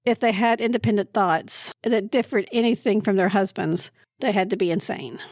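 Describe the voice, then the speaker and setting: A woman co-hosting a library book podcast, recorded at a library, talking casually and slowly about a book she picked, pausing to search for words. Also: medium pitch, a little mellow, no room sound, studio quality. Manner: slow, searching for words, laughing at times. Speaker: podcast co-host presenting a book pick.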